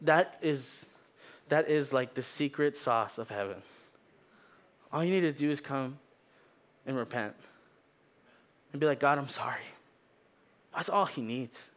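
A man's voice: medium pitch, a little slow, pauses often. A young man preaching a sermon in a church, casual and joking, with many fillers. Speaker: youth preacher, pastor's kid. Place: church sanctuary.

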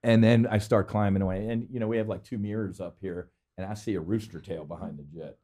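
A man from New Jersey, a former fighter pilot as a podcast guest, telling a story in an excitable, profane way and laughing often. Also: on the low side, quick pace. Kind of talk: animated storytelling.

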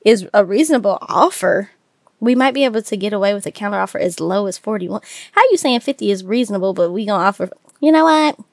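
A woman giving casual, excitable let's-play commentary and talking to her viewers. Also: mid-range voice, fast talker, dry recording. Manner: excitable, chatty, addresses viewers as y'all. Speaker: gaming video host.

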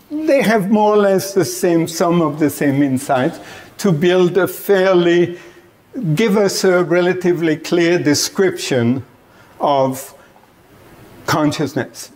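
A man giving an academic lecture in a meditation center classroom, deliberate and explanatory, often checking in with the audience. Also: on the high side. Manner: deliberate, checks in with "Okay?", light chuckles.

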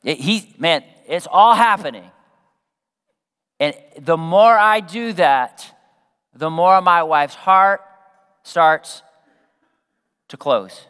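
A man preaching a sermon as pastor, talking conversationally to the congregation, throwing in asides and acting out quotes, sometimes dropping to a soft hush. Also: fairly high pitch, lively intonation, takes it slowly, long pauses, clear, resonant tone, big-room sound. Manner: drops to a soft, hushed voice for quoted prayerful words.

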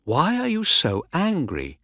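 A man reading an audiobook voices a calm young woman traveler who speaks quietly and teases her companion. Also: fairly high pitch, a little slow, dry recording, clean studio sound, pitched above the performer's own voice, exaggerated voice. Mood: teasing. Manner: quiet, teasing.

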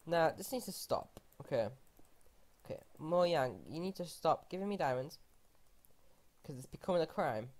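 A woman casually commenting on her own game play, excitable, often gasping and exclaiming in disbelief. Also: low-pitched, moderate pace. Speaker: gaming channel host.

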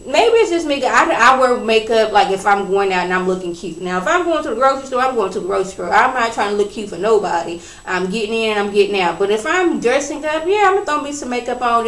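A woman giving a casual, sassy recap of a reality show, chatting in a lively storytelling way. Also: fairly high pitch, reverberant, low-quality recording.

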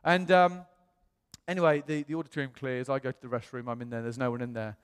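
A man's voice: mid-range voice, steady tone, quick pace, clean tone, big-room sound. A British man, a pastor, telling a story in a sermon and acting out the voices of the people he quotes. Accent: British English. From England. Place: church auditorium.

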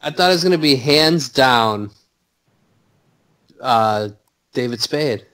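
A man co-hosting a podcast in casual banter, animated and swearing freely. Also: medium pitch. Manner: animated, swears, does quick mocking impressions. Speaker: podcast co-host.

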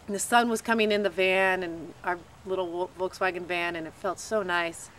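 A woman's voice: on the low side, moderate pace, a little hiss or hum. Woman animatedly recounting a proposal. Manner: animated, lively retelling. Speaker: bride telling proposal story. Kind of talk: casual storytelling.

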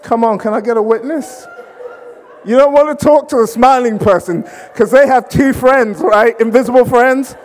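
Man, British accent, high voice, humorous sermon, echoey hall. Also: moderate pace, slight background noise. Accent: British English. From Britain. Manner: animated, acts out quoted voices, jokes with the crowd. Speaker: preacher. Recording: long hall reverb.

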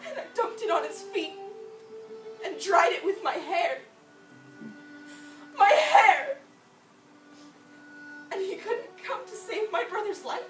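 A woman's voice: very high voice, animated, takes it slowly, pauses often, exaggerated voice. A woman playing a grieving, impassioned sister. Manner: impassioned, swinging between tears and laughter. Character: grieving woman of Bethany mourning her brother. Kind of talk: dramatic monologue on stage. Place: church sanctuary. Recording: echoey church hall from far off, music behind.

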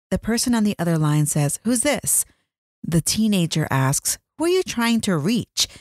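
A woman's voice: sits low, darkish tone, no echo, studio quality. A woman hosting a true crime podcast, telling the story as scripted narration with dramatic build-up and chatty asides to the listener.

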